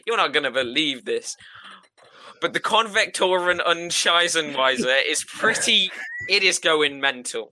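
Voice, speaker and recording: A man co-hosting a podcast, talking excitably with exaggerated outrage and breaking into laughter. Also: fairly high pitch. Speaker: podcast co-host. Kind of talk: improvised comedy sketch and casual chat.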